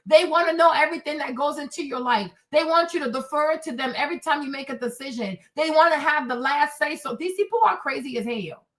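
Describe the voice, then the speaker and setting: A woman in her forties with a high voice hosts her own livestream. She talks in an emphatic, animated rant, one moment shouting and the next dropping into low asides. Her delivery is candid and unscripted. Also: a little fast, few pauses. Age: 40s. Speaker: livestream host.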